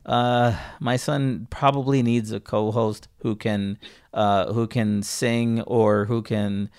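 This co-host of a laid-back podcast is a young man whose voice is on the low side, level, slow and a little mellow, with smooth sound. His talk wanders, he trips over words and cuts himself off, and he laughs frequently.

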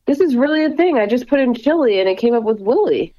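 A woman's voice: on the high side, lively intonation, fast. A young woman co-hosting a podcast over a phone call, casual, brash and swearing. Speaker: podcast co-host. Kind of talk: casual chat. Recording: dull dry phone audio.

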